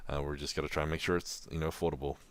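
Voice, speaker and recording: A man from New Zealand with a New Zealand accent softened toward American, co-hosting a podcast in a chatty way, laughing often. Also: extremely low pitch, flat delivery, very fast. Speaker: podcast co-host. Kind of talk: casual podcast chat.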